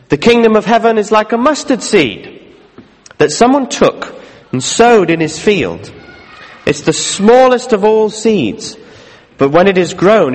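A man's voice: on the high side, long reverb tail. A man preaching a sermon in a conversational way, with jokey asides between readings. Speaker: pastor.

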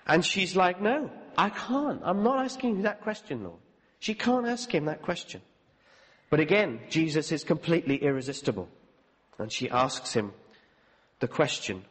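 A man preaching a sermon, telling a story in an animated way and acting out the voices of the people in it. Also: high voice. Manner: animated, acts out quoted voices. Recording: long hall reverb.

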